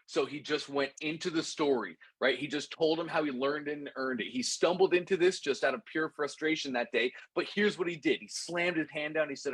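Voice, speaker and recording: A man teaching a course, telling a lesson story in an animated, repetitive way and calling his listeners "guys". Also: fairly high pitch, a little fast, hardly any pauses, breathy edge, no echo. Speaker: course instructor.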